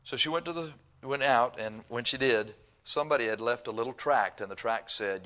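A middle-aged man preaching, telling a story in a folksy, animated way with chuckles and quoted voices. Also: mid-range voice, a little fast. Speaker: pastor. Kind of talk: sermon with storytelling.

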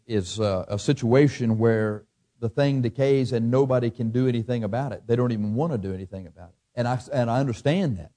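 A man of middle pitch preaching a sermon. He reads scripture with measured emphasis and breaks into folksy, chuckling asides. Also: warm tone. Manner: folksy, reads scripture in King James cadence, chuckles at own jokes.

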